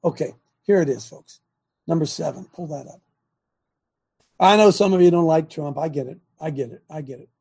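Gravelly older man preaching with fire. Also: fairly high pitch, normal speed, long pauses, a little mellow. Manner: fiery, keeps asking rhetorical questions. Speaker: host, faith talk show. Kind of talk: preachy talk-show monologue.

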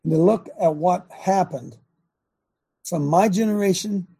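An older American man talks in a gravelly, very dark voice with a husky edge. He preaches his views emphatically, repeating words and circling back mid-sentence. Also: sits high, measured pace. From United States. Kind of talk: opinionated Christian talk.

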